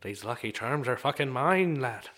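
A man voicing a gruff, crude Irish barkeep with a put-on Irish accent. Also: mid-range voice, animated, normal speed, fairly bright tone. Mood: threatening. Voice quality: threatening, crude and swearing.

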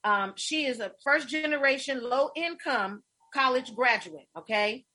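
Effusive husky-voiced woman host. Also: high voice, animated, unhurried, pushed and bright. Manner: effusive, storytelling, emotional. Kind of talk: casual interview chat.

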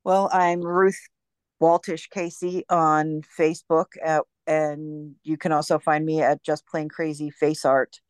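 Smooth-voiced chatty woman. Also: deep voice, little pitch movement, a little slow, dry recording, clean studio sound. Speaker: podcast guest. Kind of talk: casual podcast chat.

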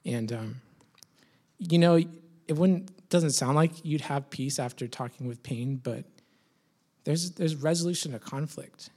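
A man's voice: on the high side, unhurried, darkish tone. Thoughtful man sharing reflectively. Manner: thoughtful, searching, with hesitations. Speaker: group member sharing.

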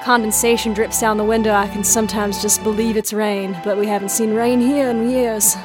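A woman's voice: medium pitch, little pitch movement, brisk, music in the background, lightly acted. A woman improvising a weary small-town young woman in an old-fashioned play, wistful and folksy. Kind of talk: improvised scene reading.

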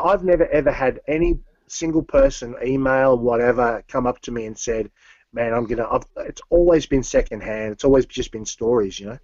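A man's voice: mid-range voice, darkish tone, no echo, muffled recording. A man, a metal musician as interview guest, talking casually and rambling with many fillers and restarts.

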